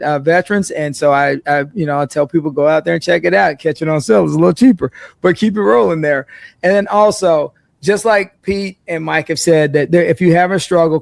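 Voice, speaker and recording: Male podcast host, higher pitch, gravelly edge, dry close sound, earnest sign-off delivery. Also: a little mellow, no echo. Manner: earnest, plugs sponsors and hotlines. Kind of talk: casual podcast conversation.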